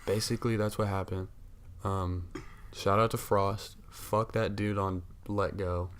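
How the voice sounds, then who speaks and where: A young man co-hosting a casual podcast, telling an animated story full of cussing and acting out what others said. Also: lowish voice, a little slow, a little hiss or hum. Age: young adult. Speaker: podcast co-host. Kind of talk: casual chat.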